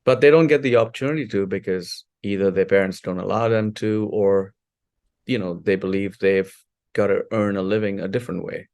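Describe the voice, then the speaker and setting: A man in his forties from India speaks as a podcast guest, his voice low and full of vocal fry. He tells his story in a lively, rambling way, stopping to restart and adding fillers as he goes. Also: a little fast. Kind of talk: casual interview storytelling.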